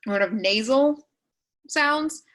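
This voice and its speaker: A woman's voice: high-pitched, lively intonation, fairly bright tone, low-quality recording. Lady running an online writing class, chatty and loose, lots of ums and side comments, sounds like a video call. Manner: casual, filler-heavy explaining with quick asides. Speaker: writing workshop teacher.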